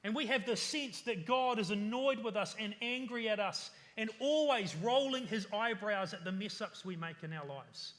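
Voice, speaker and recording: Bright high-voiced male preacher in reverb. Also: animated, normal speed, hardly any pauses. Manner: earnest preaching with repeated lists and rhetorical questions. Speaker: pastor. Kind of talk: sermon.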